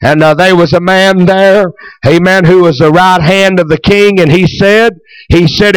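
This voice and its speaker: A man's voice: sits high, a little slow, a bit bright, clean tone, no room sound, poor audio. A middle-aged man preaching a sermon, retelling scripture in folksy, plain speech.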